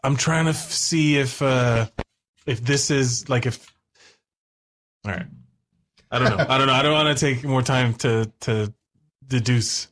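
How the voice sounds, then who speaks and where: A man's voice: medium pitch, a little slow, long pauses, fairly bright tone. A man playing a tabletop game, reacting with lots of laughter and casual chatter. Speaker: player.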